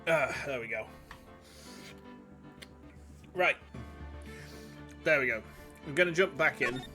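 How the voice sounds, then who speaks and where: During a game livestream, a man chats and rambles with a sore throat while background music plays. His voice is mid-range, slow, pushed and bright.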